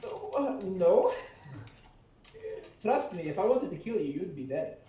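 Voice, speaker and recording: A man's voice: high voice, very animated, slow pace, mellow. A man playing a tabletop game, playful and laughing as he goes. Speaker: player. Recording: roomy, distant, dull recording.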